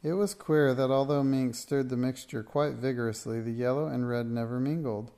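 A man reading a children's storybook aloud in a steady, plain way. His voice has a gravelly, creaky texture. The pitch sits in an ordinary middle range. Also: normal speed. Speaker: narrator.

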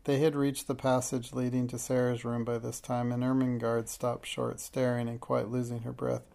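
A male audiobook narrator with a gravelly, medium-pitched voice reads a scripted narration, telling the story in a measured, even way.

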